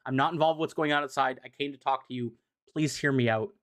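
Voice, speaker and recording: A man's voice: medium pitch, steady tone, quick pace, a bit bright, natural voice. A man reading as a pleading power-hungry schemer.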